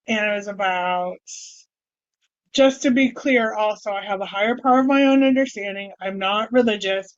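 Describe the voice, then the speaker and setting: A woman's voice: mid-range voice, no room sound. A middle-aged woman vlogging in a candid, rambling way, with wry self-deprecating humor. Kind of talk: casual personal vlog. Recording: dull, dry sound.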